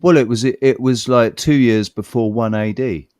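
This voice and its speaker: A man's voice: medium pitch, steady tone, normal speed, darkish tone, dry recording, studio quality. A man co-hosting a podcast in casual chat, rambling, repeating words and swearing freely. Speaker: podcast co-host.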